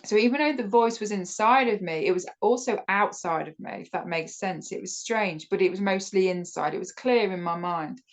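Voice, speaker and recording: A woman from the United Kingdom with a British accent, a podcast guest telling a personal story in a casual, animated way, with many fillers and restarts. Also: mid-range voice, normal speed, hardly any pauses, low-quality recording. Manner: laughs often while telling the story.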